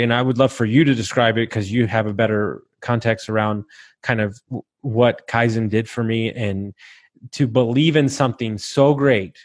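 A man in his thirties with a fairly low voice tells his own story as a podcast host. He is blunt and candid, swears freely, and often restarts his sentences. The sound is dry and close, with no room echo. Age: 30s.

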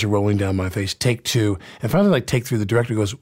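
A man hosting an interview, asking questions in an easygoing, teasing way. His voice sits fairly low. It has a husky, slightly rough texture. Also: quick pace, few pauses. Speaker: interviewer and actor. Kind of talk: casual interview conversation.

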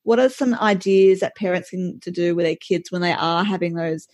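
A woman's voice: lowish voice, moderate pace, darkish tone, no room sound. A woman interviewer asking long, rambling questions with many fillers and restarts. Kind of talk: conversational interview.

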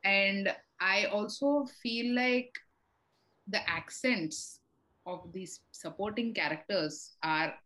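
A woman from India co-hosting a casual podcast chat. She talks frankly and with exasperation, and her sentences are full of fillers and restarts. Her pitch sits in the middle range. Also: slow, sharp tone, low-quality recording.

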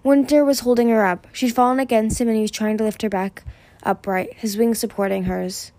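A woman's voice: a little high, steady tone, brisk, warm tone, dry recording. Woman reading a fantasy novel aloud. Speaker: audiobook reader. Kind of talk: fan audiobook reading.

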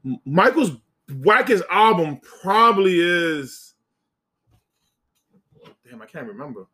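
A man in a casual podcast chat who gets excited and shouts often. His voice sits high and bright and swoops widely in pitch. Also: slow. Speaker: podcast co-host.

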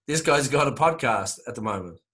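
A man's voice: mid-range voice, lively intonation, a little fast, a bit bright, breathy edge. Rambling, emphatic male podcast host. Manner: rambling storytelling with emphatic repetition. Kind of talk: casual chat.

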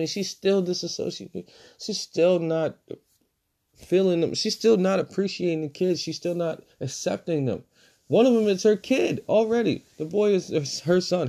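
Profane, ranting man with a mellow voice. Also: normal speed. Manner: profane, animated, swings between loud outbursts and low mutters. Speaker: movie reviewer. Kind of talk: casual ranting movie review.

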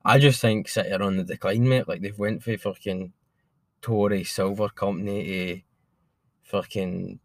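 A man's voice: on the low side, steady tone, a little slow, no room sound. A man co-hosting a football podcast, talking bluntly with lots of swearing. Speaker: podcast co-host. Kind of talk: casual football chat.

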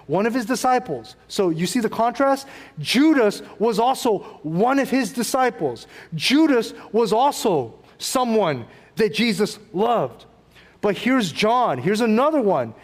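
A man's voice: sits high, big-room sound. A middle-aged man preaching a sermon in a casual, conversational way, acting out quotes and adding asides. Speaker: pastor.

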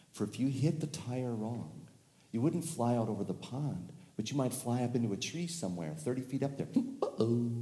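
A man telling a children's story live, playful and animated, with sound effects and laughter. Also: lowish voice. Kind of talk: live storytelling to a family audience. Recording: echoey hall with long reverb.

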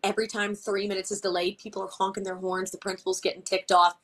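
A woman's voice: medium pitch, level tone, quick pace. A woman guest in a casual interview, talking chattily with lots of "like" and acting out conversations she retells. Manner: chatty, peppered with "like", acts out quoted exchanges. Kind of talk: casual chat.

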